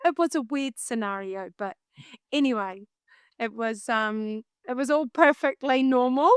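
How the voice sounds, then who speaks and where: Animated New Zealand woman, smooth voice. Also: fairly high pitch, unhurried, no echo, studio quality. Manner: animated, laughing often, self-mocking. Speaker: singer and vocal coach, guest. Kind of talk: casual storytelling in an interview.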